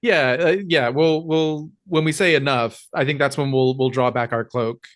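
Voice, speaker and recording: A man playing a tabletop game who talks in halting phrases, hesitant as he works out what to say. His voice stays plain and everyday. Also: medium pitch, fairly even intonation, fairly bright tone. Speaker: player. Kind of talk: in-character tabletop play.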